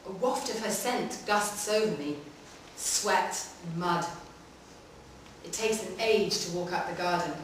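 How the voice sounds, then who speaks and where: A woman giving a live, measured reading of a short story in a public library room. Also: lowish voice, a little hiss or hum. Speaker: reader. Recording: echoey hall from far off.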